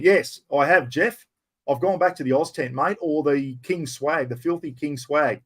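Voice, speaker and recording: A man's voice: fairly high pitch, moderate pace, fairly bright tone, breathy edge. An older Australian man answering viewers' chat questions on a live stream, blunt and blokey, swearing casually and calling everyone mate.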